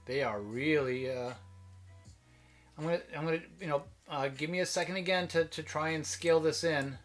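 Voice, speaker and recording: A man from Minnesota talks through a live stream in loose, casual commentary, often trailing off and circling back mid-thought. His voice sits a little higher than most men's. Quiet music plays faintly in the background. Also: normal speed. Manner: rambling, self-interrupting, chatty.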